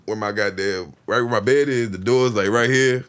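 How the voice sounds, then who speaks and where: A young man in casual podcast chat, telling a story in an animated way and acting out his own reactions. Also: fairly low pitch, moderate pace, very noisy.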